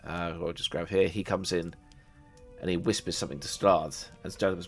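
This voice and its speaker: A man's voice: sits low, steady tone, moderate pace, husky, soft background music. A man narrating a tabletop game as dungeon master, casual and rambling. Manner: rambling, many fillers and restarts.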